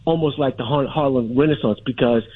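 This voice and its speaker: A man's voice: medium pitch, fairly quick, husky, no echo. Middle-aged man calling in by phone. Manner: insistent, talks over interruptions. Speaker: caller. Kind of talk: radio call-in talk. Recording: phone line.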